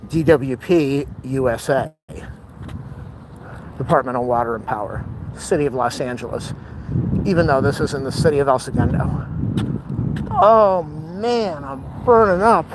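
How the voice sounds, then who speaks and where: A sweaty, out-of-breath vlogger walks a city street outdoors, joking to the camera in a mid-range voice at normal speed with long pauses. He's breathless and self-mocking, dropping playful asides over the outdoor street noise.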